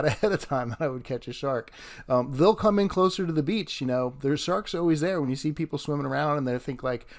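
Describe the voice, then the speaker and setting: A man narrating his fishing vlog outdoors on a beach, chatty and laughing often as he talks to viewers. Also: medium pitch. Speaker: fishing vlogger.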